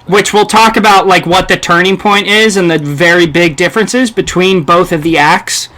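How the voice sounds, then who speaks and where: A man co-hosting a casual podcast about films, animated as he retells scenes. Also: high-pitched, normal speed. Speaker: podcast co-host. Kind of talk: casual film discussion.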